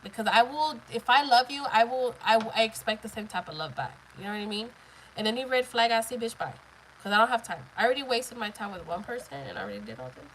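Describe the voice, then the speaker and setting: A woman's voice: a little high, animated, quick pace, a bit bright, slight background noise, low-quality recording. A woman in her thirties chatting casually on a live stream, blunt, profane and emphatic as she tells her story.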